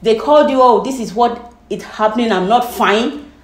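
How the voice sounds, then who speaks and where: A woman's voice: a little high, moderate pace, roomy sound. A woman arguing heatedly, angry and raising her voice. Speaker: girlfriend being tested. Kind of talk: heated argument.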